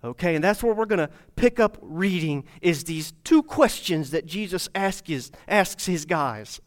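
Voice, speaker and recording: A man's voice: high voice, lively intonation, measured pace. A man preaching a sermon as pastor, speaking to his congregation with repeated phrases and rhetorical questions. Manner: repetitive, rhetorical questions, addresses congregation directly.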